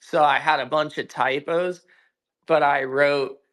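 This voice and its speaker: A man recounts his story in casual chat over an audio call, taking his time with each phrase. His voice sits fairly high and has a bright edge, and his delivery is profane and emphatic, full of restarts. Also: steady tone, a little slow. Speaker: guest. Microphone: own mic on a social audio call.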